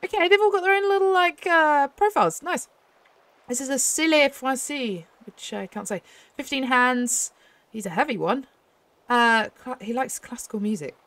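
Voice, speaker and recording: A young woman host chatting excitedly as she plays a game, often laughing. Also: sits high, normal speed, no room sound. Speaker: gaming channel host. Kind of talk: casual gameplay commentary.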